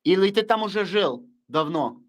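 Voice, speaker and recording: A man's voice: high-pitched, lively intonation, normal speed. A young man with a Russian accent hosting a casual livestream, talking bluntly and repeating his thank-yous. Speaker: livestream host.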